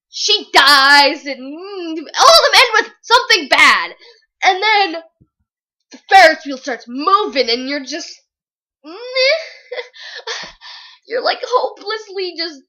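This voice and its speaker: Gushing young woman, bright and animated. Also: extremely high pitch. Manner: gushing, dramatic, very animated retelling. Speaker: book reviewer. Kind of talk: excited casual book review.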